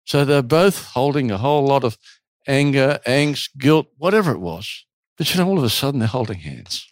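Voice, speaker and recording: A man running a retreat, telling stories casually in an interview with a lively, animated delivery. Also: medium pitch, moderate pace, no echo, studio quality.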